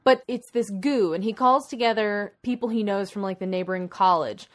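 A woman co-hosting a casual chat, retelling a movie plot in a rambling, animated way full of asides. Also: medium pitch, moderate pace. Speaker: podcast co-host.

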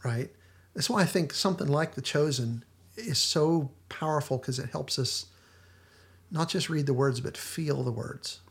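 A man's voice: on the high side, measured pace. A male podcast host casually discussing a TV episode, retelling its scenes with lots of restarts and fillers.

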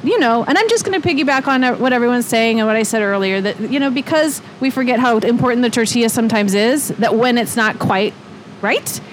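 A woman co-host in a relaxed chat, thinking out loud and often restarting her sentences. Her voice is a little high. A faint ambience hangs in the background. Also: fairly quick, hardly any pauses, a little hiss or hum. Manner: chatty, thinking aloud with restarts. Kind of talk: casual chat.

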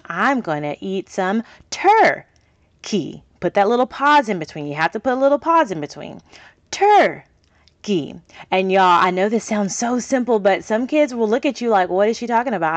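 A woman's voice: lowish voice, no room sound. A woman hosting a podcast, explaining reading skills to parents in a chatty, upbeat way and often checking in with "okay?". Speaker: podcast host teaching parents early reading. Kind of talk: casual teaching talk to parents. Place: small home studio in a closet.

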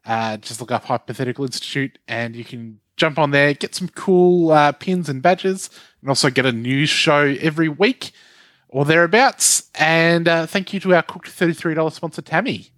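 A man hosting a podcast, with relaxed, sweary banter as he runs the show plugs. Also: on the high side, moderate pace, dry recording. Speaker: podcast host. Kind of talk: casual podcast chat.

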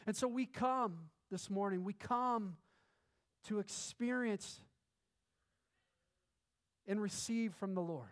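A man's voice: high-pitched, a little slow. A man preaching a sermon as a pastor, conversational with filler words and restarts, rising to bursts of fervent emphasis. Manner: filler-heavy, restarts phrases.

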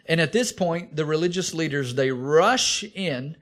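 A man's voice: fairly high pitch, normal speed, hardly any pauses. A male pastor preaching a verse-by-verse sermon, animatedly acting out the biblical figures in the story. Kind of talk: expository sermon.

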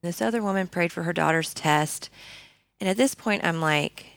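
A woman's voice: on the low side, moderate pace, gravelly, clean tone, dry recording. A woman guest telling her personal faith story in an earnest, conversational way, with many fillers and restarts. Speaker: podcast guest.

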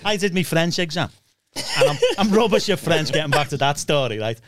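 A middle-aged man telling school stories in a casual chat, animated and laughing. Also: a little high, brisk. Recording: background noise.

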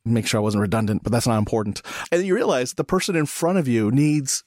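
A man hosts a laid-back podcast chat in a middle-range voice. He talks reflectively, pausing and restarting his thoughts. The sound is close and dry, with no room around it. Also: medium pitch, lively intonation, a little mellow, dry recording. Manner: reflective, halting with frequent restarts. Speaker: podcast host. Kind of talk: casual podcast conversation.

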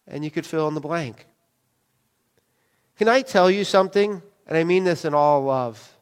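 A man's voice: a little high, moderate pace, long pauses, smooth. A male pastor preaching a sermon in a conversational way, often asking the congregation questions. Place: church hall. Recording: long reverb of a church hall.

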